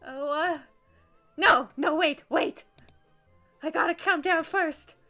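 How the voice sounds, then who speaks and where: A woman voicing a huge, unhinged male fan with an axe, in a high, giddy, stammering voice that bursts out loud when overexcited. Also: slow, soft background music, heavily acted. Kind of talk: visual novel voice acting.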